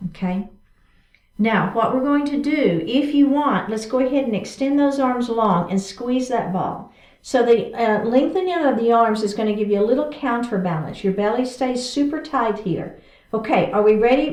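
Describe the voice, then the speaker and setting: A woman's voice: on the high side, darkish tone. A woman chair yoga instructor, cueing each movement step by step in an encouraging way during a guided class. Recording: echoey room from a distance.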